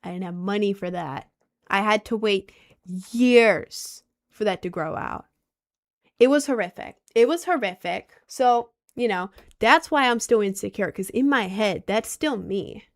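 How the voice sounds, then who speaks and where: Young woman, casual vlogger, animated storyteller, mid-pitched voice. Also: a little slow. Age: young adult, about 20. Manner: chatty, animated storytelling, mocking quoted voices. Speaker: content creator. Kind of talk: casual chat to viewers.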